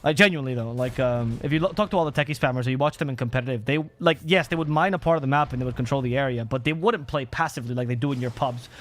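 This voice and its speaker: Fast-talking opinionated male commentator. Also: medium pitch. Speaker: esports commentator. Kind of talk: casual panel chat.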